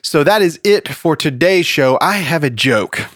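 A man's voice: fairly high pitch, animated, unhurried, a bit bright, no echo, studio quality. Easygoing man hosting a Bible study chat. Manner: easygoing, rambling storyteller. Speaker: podcast host leading a Bible study. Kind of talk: casual chat and joke telling.

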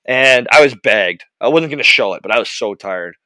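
A young man telling an animated, profane story about his hockey days in casual chat. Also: mid-range voice, moderate pace, no echo. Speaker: podcast host, former hockey goalie.

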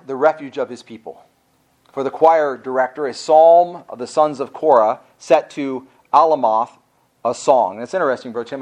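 A male pastor giving a conversational sermon, telling a personal story in a rambling, folksy way and often correcting himself as he goes. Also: mid-range voice. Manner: folksy, talks directly to the congregation.

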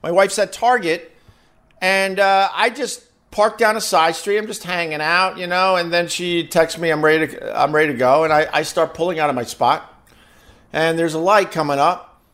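A man's voice: high voice, moderate pace. A man telling a casual, profanity-laced story to live viewers, acting out the voices of the people in it. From New York. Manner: animated, acts out quoted voices, swears freely. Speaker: host chatting with live viewers.

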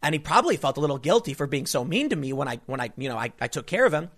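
A man's voice: fairly high pitch, very animated, very fast, fairly bright tone. A man giving an emphatic, indignant opinion monologue, telling stories with frequent restarts. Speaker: political commentator.

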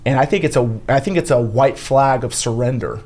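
A man's voice: mid-range voice, a little fast, darkish tone. A man co-hosting a podcast in casual chat, rambling with fillers and restarts and acting out quoted lines. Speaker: podcast co-host.

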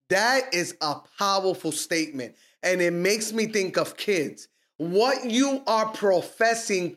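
A middle-aged man with a notably high voice talks in an emphatic, preaching style, quoting scripture as he co-hosts a faith podcast. He leans into each point with conviction. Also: fairly bright tone.

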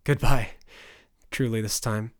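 A man's voice: lowish voice, steady tone, unhurried, voice pushed down, lightly acted. A man voicing an unsure young male wolf-rider who speaks hesitantly and earnestly. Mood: subdued.

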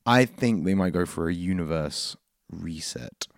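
A man co-hosting a film podcast, chatty and quick to laugh while riffing jokes. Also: sits low, no room sound, clean studio sound. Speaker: podcast co-host. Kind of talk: casual chat.

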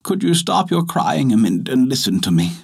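A man voicing a gentle dying mother in a told folktale, speaking tenderly. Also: mid-range voice, big pitch swings, fairly quick, gravelly, husky, exaggerated voice.

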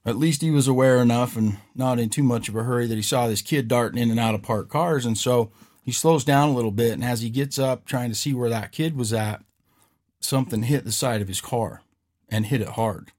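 A man's voice: mid-range voice, fairly quick, a little mellow. A man hosting a podcast, telling a story in a rambling, casual way and often checking in with "right?". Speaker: podcast host.

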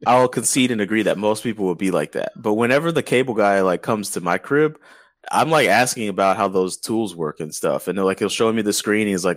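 A man's voice: on the low side, brisk, dry recording. A man co-hosting a podcast in loose, joking casual chat, swearing freely. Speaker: podcast co-host.

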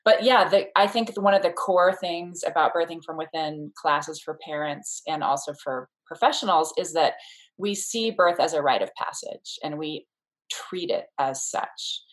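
A woman's voice: deep voice, moderate pace, poor audio. A woman who is a childbirth educator, talking thoughtfully as an interview guest, explaining ideas with many fillers and restarts. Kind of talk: casual interview conversation.

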